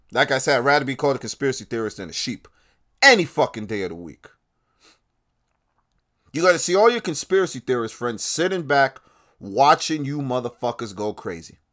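A man hosting his own independent podcast, ranting with a lot of profanity, swinging between loud outbursts and low muttering. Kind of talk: podcast rant.

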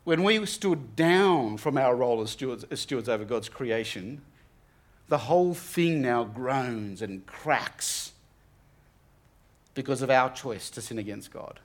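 A man's voice: mid-range voice, expressive, measured pace. A young man giving an earnest, conversational Bible talk to students, often restarting his sentences. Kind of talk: sermon.

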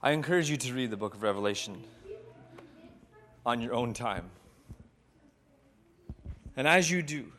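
A man preaching as a pastor, retelling a scripture story in a reflective way with dramatic pauses. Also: medium pitch, animated, a bit bright. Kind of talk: sermon storytelling.

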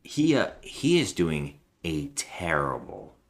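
A man's voice: a bass voice, huge pitch swings, slow pace. A man co-hosting a podcast, chatting casually and ramblingly while he reviews a movie. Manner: chatty, rambling, jokey impressions. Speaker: podcast co-host.

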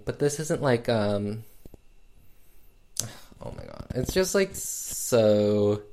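A man's voice: fairly low pitch, darkish tone. A man giving a casual, sarcastic film review, rambling with lots of fillers.

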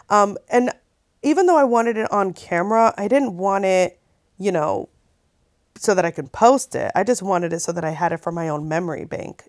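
In a casual vlog, a thirty-something woman chats animatedly through a story, peppering it with "likes" and swear words. Her voice is fairly low, and the recording is dry with clean studio sound.

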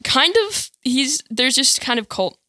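A young woman chatting as a podcast guest, talkative and quick with asides. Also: high-pitched, expressive, pushed and bright, dry recording, clean studio sound. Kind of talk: casual chat.

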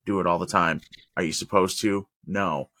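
A man's voice: deep voice, normal speed, no echo. A man telling a work story in casual podcast chat, swearing freely and acting out what people said. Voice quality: profane, animated storyteller who acts out quotes. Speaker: podcast co-host; work crew boss.

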